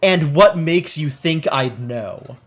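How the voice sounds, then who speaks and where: A man voicing a swarthy, eye-patched male sailor and dice gambler, with a thick put-on seafaring accent and a slow, drawn-out delivery. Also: a little high, animated, a bit bright. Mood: gruff.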